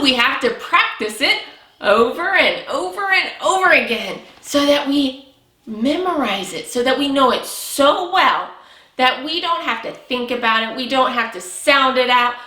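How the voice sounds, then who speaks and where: A woman teaching young children to read, speaking slowly and cheerfully with lots of praise. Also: high voice, animated, sharp tone, reverberant. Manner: slow, exaggerated, encouraging teacher talk with praise. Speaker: preschool teacher. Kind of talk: early reading lesson for young children.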